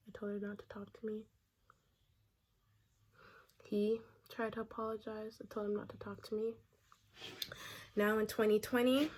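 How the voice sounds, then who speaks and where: A young woman vlogger telling a casual story time while doing her makeup, animated and chatty, acting out the quotes. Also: mid-range voice. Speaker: beauty vlogger.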